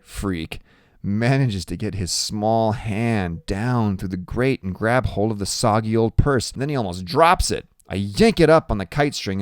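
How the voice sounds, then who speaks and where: A man's voice: fairly low pitch, no echo, clean studio sound. A man narrating an audiobook in the first person, in a plain, conversational storytelling manner.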